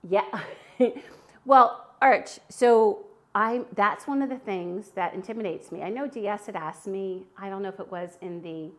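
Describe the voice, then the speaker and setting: Woman host. Middle pitch. Casual and chatty, cooking at home for a live audience. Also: measured pace. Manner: chatty, friendly, answers viewer chat while cooking. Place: home kitchen.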